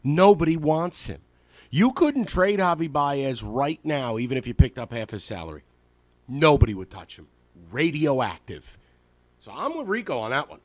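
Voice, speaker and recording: Animated, sarcastic sports radio host. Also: male voice, on the high side, normal speed, no room sound. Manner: animated, sarcastic, emphatic ranting. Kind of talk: sports talk radio rant. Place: radio studio. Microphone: studio microphone.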